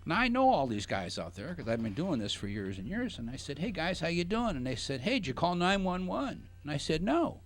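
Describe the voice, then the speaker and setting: A man's voice: fairly high pitch, big pitch swings, a little fast, few pauses, a little hiss or hum. A middle-aged man hosting a radio talk show, telling a long joking anecdote in casual chat. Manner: jokey anecdotal storyteller. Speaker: radio show host, financial advisor.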